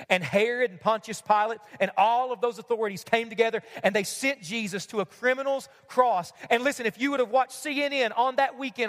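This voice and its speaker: A man's voice: very high-pitched, a bit bright. A man preaching a sermon as pastor, emphatic, repeating key lines and asking the congregation questions. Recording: long hall reverb.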